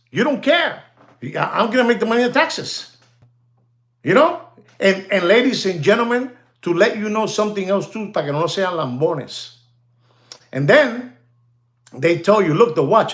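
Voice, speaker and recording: Older male watch dealer doing a livestream rant, high-pitched, swooping all over, repeats himself, sprinkles in Spanish slang. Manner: animated, rambling, repeats himself, addresses audience as ladies and gentlemen. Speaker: watch dealer hosting his channel.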